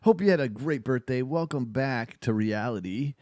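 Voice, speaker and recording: A man's voice: medium pitch, moderate pace, mellow, dry recording, clean studio sound. A man co-hosting a casual livestream, easygoing and often laughing as he greets viewers from the chat. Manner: laid-back, laughs often, greets chatters. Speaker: co-host reading viewer chat.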